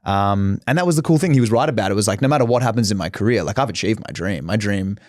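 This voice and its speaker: A young man talks in a candid, storytelling way and swears freely. His voice sits low for a man. The sound is dry and close, with little room behind it. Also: lively intonation, quick pace, a little mellow, dry recording. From Australia. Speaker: actor guest. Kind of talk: casual interview chat.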